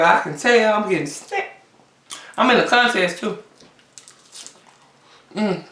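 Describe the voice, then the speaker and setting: A woman vlogger chatting casually to camera between bites, often pausing on long hums. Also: medium pitch, fairly bright tone. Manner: chatty, talks between bites with drawn-out mms. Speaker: mukbang vlogger. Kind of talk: casual eating chat to camera. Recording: roomy sound from a distance.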